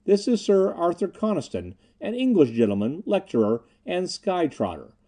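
A man voices a cheerful ship officer who loves an argument and teases his friends. He sounds jovial, his pitch raised and lively. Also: normal speed, exaggerated voice. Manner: jovial, teasing.

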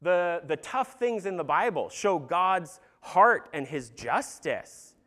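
A man's voice: high-pitched, lively intonation, slow, a bit bright. Man preaching an earnest, casual sermon. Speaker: pastor.

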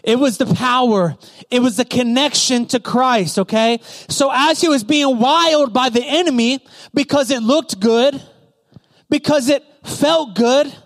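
A man's voice: very high-pitched, a little slow. A young man preaching a sermon to youth, emphatic and repetitive, checking in with the crowd with "right?".

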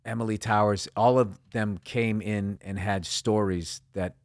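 A man's voice: on the low side, steady tone, unhurried. A man talking as a guest comedian in a casual interview, rambling and swearing often as he acts out voices from his stories.

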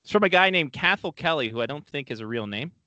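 A man hosting a sports chat show, bright and a little high in pitch. He retells stories with a joking edge and slips into put-on voices for the quotes. The sound is close and dry. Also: expressive, quick pace, dry recording, lo-fi sound. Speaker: podcast host. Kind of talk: casual sports chat, animated storytelling.

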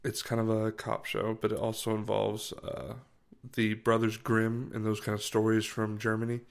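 Low-voiced man rambling casually. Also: monotone, moderate pace, vocal fry. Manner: rambling, searches for words, restarts. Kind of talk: casual chat.

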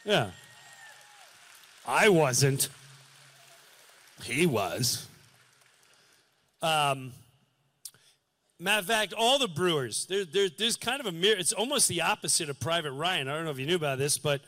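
A male comedian on a live stage, telling a story with earnest, preachy passion and acting out scenes with sudden shouts. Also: a little high. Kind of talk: stand-up comedy.

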